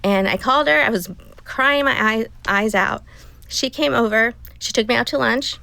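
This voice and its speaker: Here the middle-aged woman's voice runs on the high side, gravelly and sharp, at a normal pace with no echo. She's a guest in a casual interview, sharing a personal story with heartfelt sincerity and dramatizing her own self-talk.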